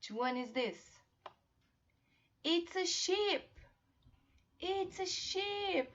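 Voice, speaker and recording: A young woman with a high, bright-toned voice teaches English to little children. She speaks slowly, stretching each question in a sing-song, encouraging way. The sound is a bit dull and lo-fi, like a home laptop recording. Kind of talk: children's online class with songs.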